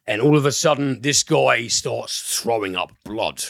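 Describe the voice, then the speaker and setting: A man's voice: mid-range voice, expressive, measured pace, gravelly, a bit bright, dry recording, studio quality. A man hosting a casual film review podcast, enthusiastic, rambling and profane.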